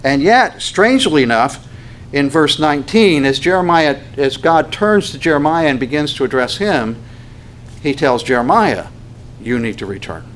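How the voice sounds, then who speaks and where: A man's voice: a little high, lively intonation, normal speed, slight background noise. A man preaching a sermon as a pastor, in a conversational storytelling manner with many fillers.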